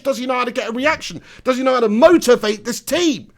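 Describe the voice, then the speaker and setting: A man's voice: extremely high pitch, fast talker. A young man hosting a live football reaction rant, swearing and firing off rhetorical questions. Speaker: football fan channel host.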